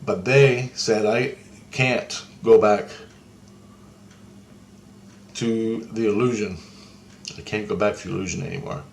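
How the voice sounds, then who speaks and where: A man's voice: on the low side, measured pace, creaky, pauses often, slight background noise. A man swearing through a strange vision story. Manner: profane, excitable storytelling that acts out quoted voices. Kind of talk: rambling first-person account of a vision.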